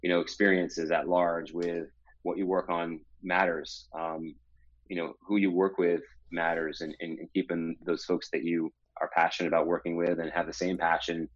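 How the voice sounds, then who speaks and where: Deep-voiced man in his forties, halting. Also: level tone, no echo, lo-fi sound. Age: 40s. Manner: thoughtful, halting, with many restarts. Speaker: podcast guest. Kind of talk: casual interview chat.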